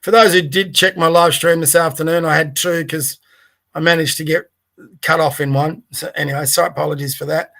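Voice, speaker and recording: A man with a fairly high voice hosts a livestream podcast. He talks in a blunt, rambling way and swears freely. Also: fairly even intonation, brisk, vocal fry, a bit bright. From Australia. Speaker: podcast host. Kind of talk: livestream commentary.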